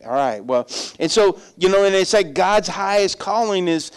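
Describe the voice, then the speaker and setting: A middle-aged man with a high voice preaches a sermon in an easy, chatty manner. He tells stories and acts out the people in them. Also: expressive, normal speed, clean tone. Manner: conversational storytelling preacher, acts out voices in anecdotes. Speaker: pastor.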